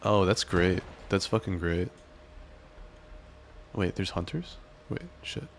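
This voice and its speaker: A man casually commenting on his gameplay and chatting with his viewers in a relaxed way. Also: sits low, slow, a little hiss or hum. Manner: relaxed, chatty, talks to chat. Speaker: game streamer.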